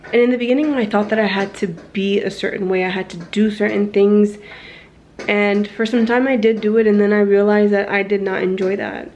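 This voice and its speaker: A woman's voice: mid-range voice, darkish tone, dull audio, slight background noise. A young woman talking candidly to a phone camera at home in a personal vlog, frank and rambling, swearing casually as she goes. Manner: rambling with fillers and self-corrections. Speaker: vlogger.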